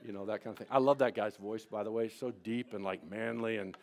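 A man's voice: lowish voice, steady tone, a little fast, darkish tone. A man pastor preaching a sermon, shifting between conversational storytelling and emphatic preaching.

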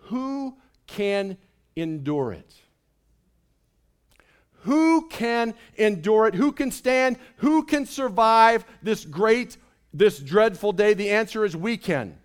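Pastor, male, higher register, lively sermon delivery with rising calls to the congregation. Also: slow pace, clean tone. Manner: animated, calls and responses with the congregation. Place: church sanctuary.

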